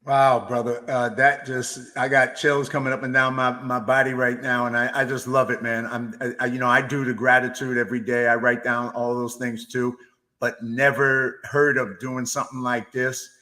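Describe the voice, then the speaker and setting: A man's voice: medium pitch, little pitch movement, normal speed, sharp tone. A man hosting a podcast, affirming his guest with many stammered restarts. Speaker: podcast host. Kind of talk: casual interview chat.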